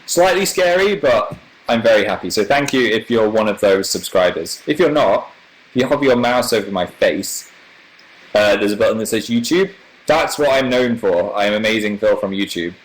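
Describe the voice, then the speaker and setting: A man in his twenties from northern England, chatting casually on a livestream as a YouTuber host and answering viewer comments in a rambling, animated way. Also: lowish voice, moderate pace, low-quality recording. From northern England, near Manchester.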